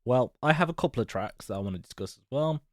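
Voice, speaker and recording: A chatty man at a middle pitch hedges as he talks through tracks, piling on fillers and qualifiers. His voice sits dry and close on the podcast mic. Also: expressive, fast, no room sound. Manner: chatty, hedging with many likes and maybes. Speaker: podcast co-host. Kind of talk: casual album review chat.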